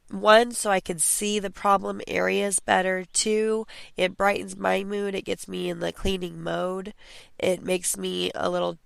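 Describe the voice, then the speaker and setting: Gravelly-voiced woman, chatty podcast host. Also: medium pitch, no room sound. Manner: chatty, encouraging, many fillers and restarts. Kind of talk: casual clean-with-me podcast talk. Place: home.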